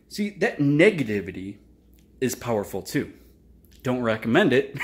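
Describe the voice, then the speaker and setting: A man hosting his own channel, giving a casual motivational monologue, animated and swearing freely as he acts out frustrated outbursts. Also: medium pitch. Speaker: channel host.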